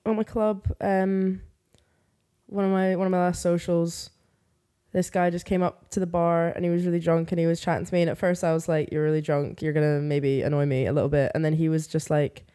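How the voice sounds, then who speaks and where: A young woman, a podcast guest chatting casually and telling animated, sarcastic stories. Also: on the low side, a little fast, smooth. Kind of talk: casual chat.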